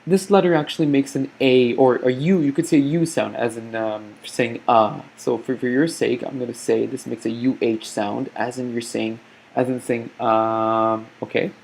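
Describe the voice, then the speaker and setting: A man teaching a recorded lesson over slides, patient and slow, often checking in with "okay?". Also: mid-range voice, steady tone, vocal fry, mellow, a little hiss or hum. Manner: patient, explains slowly, frequent "okay?" check-ins.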